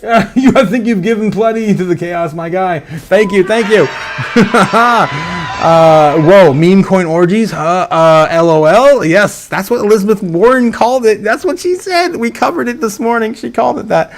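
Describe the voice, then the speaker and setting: A man's voice: high voice, measured pace. A man hosting a casual livestream, reading out chat donations, laughing often and rambling with lots of fillers. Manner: giggly and excitable, laughing often between lines; rambling with frequent fillers and repeats. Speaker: livestream host.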